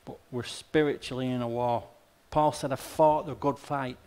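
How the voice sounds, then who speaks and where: A man's voice: medium pitch, steady tone, normal speed, a little mellow, clear, resonant tone. A male pastor delivering a sermon in a conversational, plain-spoken way, often tossing rhetorical questions and wry asides to the congregation. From Australia.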